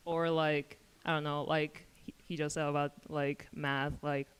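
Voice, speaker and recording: A man's voice: on the high side, very animated, slow, clear, resonant tone. A young man with a Southern US accent, a student, answering in class in an easygoing way with fillers and laughs. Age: young adult. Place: large lecture hall. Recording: long echo of a lecture hall.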